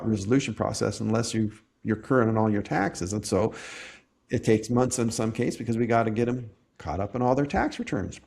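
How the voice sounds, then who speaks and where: A man hosting a podcast interview, explaining tax resolution in a measured way with frequent restarts. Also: mid-range voice, darkish tone.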